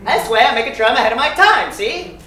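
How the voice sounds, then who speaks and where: A staccato, hyper-enunciated old-timey crooner, played by a man, bright and lively in pitch. He bounces with animated swings, heard from afar in a roomy stage sound with music behind. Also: fast talker, far from the mic, heavily acted. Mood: explaining. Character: fast-talking old-timey male crooner. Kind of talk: 1940s-style sketch comedy acting.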